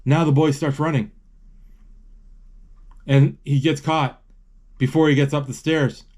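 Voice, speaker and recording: A man casually retelling a film as he watches it, halting and searching for words, with excited exclamations. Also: a little high. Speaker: movie narrator.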